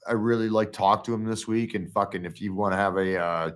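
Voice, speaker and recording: A man's voice: fairly low pitch, steady tone, fairly quick. A man hosting and producing a casual live podcast, teasing his co-host and swearing freely. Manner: teasing, profane, joking. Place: at home with a dog.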